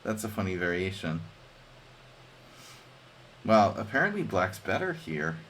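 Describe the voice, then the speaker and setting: A man talks through his chess moves on a live stream in a relaxed, joking way, often thinking aloud. His voice sits a little low. He chats with his viewers between variations. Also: a little slow, slight background noise. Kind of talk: casual live-stream commentary.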